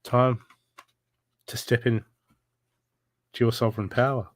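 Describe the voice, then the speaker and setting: A man's voice: medium pitch, flat delivery, measured pace, no room sound, studio quality. A man giving a live intuitive reading, blunt and urgent, swearing freely as he presses the listener to heal. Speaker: spiritual reader.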